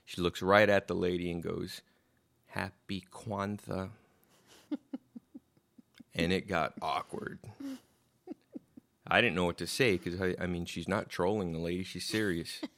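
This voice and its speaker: Deep, gravelly-voiced male podcast host. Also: fairly even intonation, moderate pace, a bit bright. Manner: rambling, profane, laughs at own stories. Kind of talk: casual storytelling chat.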